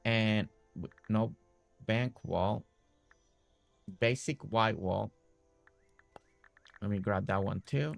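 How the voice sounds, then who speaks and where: A man's voice: lowish voice, slow, vocal fry, pauses often, soft background music. A man streaming a building game, chatting casually and talking to the characters on screen. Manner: chatty, talks to game characters, repeats himself. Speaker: gaming streamer.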